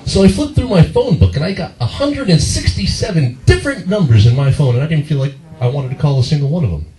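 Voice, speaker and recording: Young male stand-up comic, lively delivery, echoey club recording from far off. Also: quick pace. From Las Vegas, Nevada. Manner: animated, jumps into high squealing voices for quoted people. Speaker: stand-up comedian. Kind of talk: stand-up comedy set. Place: comedy club stage. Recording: echoey club heard from a distance.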